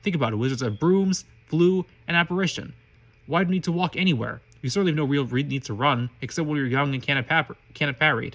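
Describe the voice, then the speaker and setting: A smug, contemptuous eleven-year-old boy from a fan story, read by a man in his everyday voice. He rattles along quickly, with slips and restarts. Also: on the high side, fairly bright tone. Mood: scornful. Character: arrogant pure-blood boy of eleven, contemptuous. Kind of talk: reading fan fiction aloud.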